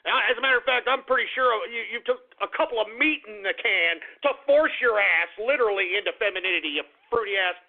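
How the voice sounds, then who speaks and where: A man's voice: sits high, lively intonation, fast, vocal fry, few pauses. A man hosting a radio call-in show, swearing and venting his exasperation between callers. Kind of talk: profane call-in radio rant. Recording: tinny phone-like line.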